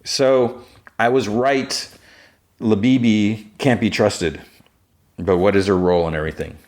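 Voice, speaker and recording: A man's voice: on the low side, fairly even intonation, a little slow, darkish tone. A man hosting a podcast, casually retelling a show's episode scene by scene in a rambling way. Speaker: podcast host.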